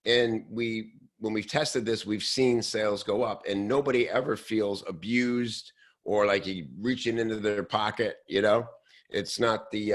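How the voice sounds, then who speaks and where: A man hosting a show, talking casually and loosely with many fillers and restarts, now and then slipping into quick mock voices. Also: lowish voice. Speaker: host. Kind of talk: casual podcast talk.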